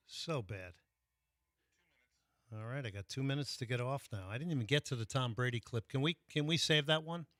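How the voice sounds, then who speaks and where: A man's voice: medium pitch, a bit bright, no echo. A man hosting a sports radio show, talking casually with frequent fillers and restarts. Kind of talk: casual sports talk monologue.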